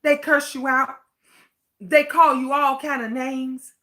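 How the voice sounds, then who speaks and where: Speaking slowly in a high-pitched, pushed and bright voice with a steady tone, a middle-aged woman rants with passion on her livestream. She repeats herself, swears without restraint, and reads viewer comments out loud.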